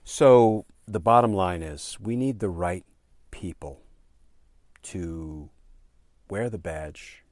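A very low-voiced man speaks earnestly about policing, repeating his key phrases for emphasis and pausing on fillers. The sound is dry and close, with no room around it. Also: a little mellow, dry recording. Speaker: former prosecutor. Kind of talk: speech on policing.

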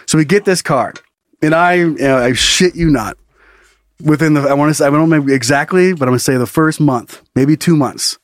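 A man's voice: on the high side, a little fast, dry recording, studio quality. A man telling a story as a podcast host, in casual, profane comedy chat full of laughs.

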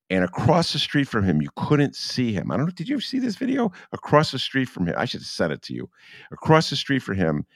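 A man's voice: low-pitched, no echo, studio quality. A man hosting a political podcast, telling stories with lots of fillers and restarts. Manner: rambling storyteller, many fillers and restarts. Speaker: podcast host. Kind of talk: casual political chat.

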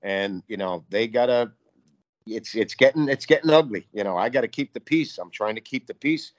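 A man's voice: lowish voice, normal speed, no room sound, dull audio. A man from New York, a guest artist, talking in a casual interview in a profane, fired-up, rambling way.

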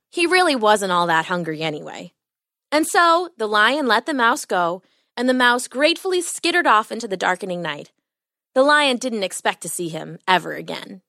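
A woman reads a children's story aloud, her voice bright and rising and falling a great deal. The sound is close and dry, as if right at a studio mic. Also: medium pitch, no echo. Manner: animated, expressive storytelling. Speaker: podcast host and storyteller. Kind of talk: children's bedtime story narration.

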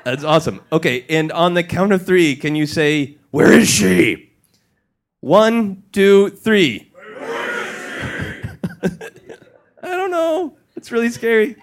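High-voiced man hosting a live comedy show. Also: sing-song, takes it slowly, pauses often. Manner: playful, laughing, addresses the audience. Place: stage before a live audience.

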